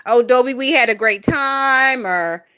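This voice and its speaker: Woman, gossip streamer, bright and punchy voice, swears freely, laughs a lot. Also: high voice, a little slow. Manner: chatty, profane, laughs often, talks to chat. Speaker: gossip channel host. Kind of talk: casual livestream gossip chat.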